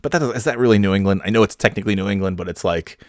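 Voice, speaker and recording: A man from New York rambles through a story in a casual, joking way, full of "uh"s and "like"s. His voice is low and the sound is dry and close, with no room around it. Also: very fast, no room sound. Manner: rambling, joking, many fillers. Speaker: vlogger.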